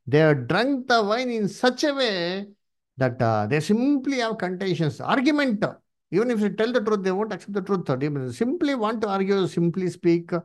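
A man preaching at a Bible study, emphatic and repetitive, swinging his pitch up and down. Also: big pitch swings, moderate pace. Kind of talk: sermon with Bible reading.

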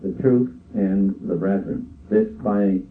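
An older man preaching a sermon in a slow, measured way, quoting scripture. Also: on the low side. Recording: tinny phone-like sound from far off.

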